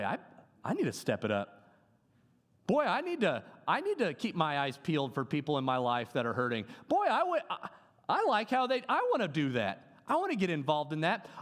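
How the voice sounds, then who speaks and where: A male pastor, preaching an earnest sermon that moves from storytelling into rising exclamations in a church. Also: fairly high pitch. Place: church sanctuary. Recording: long hall reverb.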